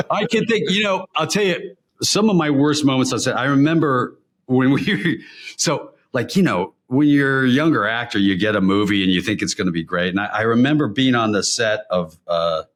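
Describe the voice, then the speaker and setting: A man chatting as a podcast guest, telling animated stories and laughing often. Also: medium pitch. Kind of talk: casual podcast chat.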